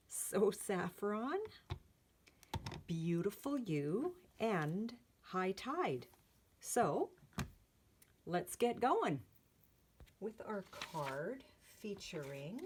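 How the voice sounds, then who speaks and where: An older woman hosting a card-making channel, talking through a craft tutorial in a gentle, earnest way with many pauses and fillers. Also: mid-range voice, big pitch swings, slight background noise.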